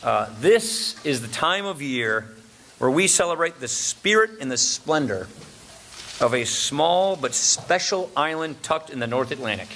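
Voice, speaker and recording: A man's voice: on the high side, sing-song, a little slow, pushed and bright, a little hiss or hum. A man from Wisconsin giving a formal lunch speech, cracking jokes and chuckling at his own punchlines. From Wisconsin, USA. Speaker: speaker at a political luncheon.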